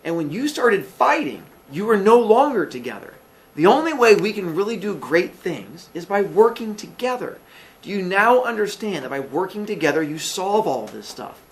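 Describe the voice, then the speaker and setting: A man voicing the old storyteller Aesop, calm and coaxing as he lectures a quarrelling crowd. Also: sits high, moderate pace. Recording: echoey classroom, faint noise.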